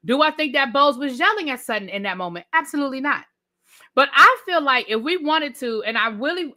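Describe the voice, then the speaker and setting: A woman with a high, bright, sharp-edged voice talks straight to her live audience, ranting about a TV reunion episode. She is chatty and emphatic, with slang like "child" and "honey", and her pitch and volume swing up and down as she makes her points. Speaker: YouTube TV reviewer, live stream host. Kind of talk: casual live-stream rant, greeting chat viewers.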